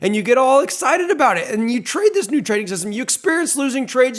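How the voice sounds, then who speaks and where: A man's voice: extremely high pitch, very animated, fast. A man explaining trading to camera in an emphatic, repetitive, salesy way. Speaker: trading educator.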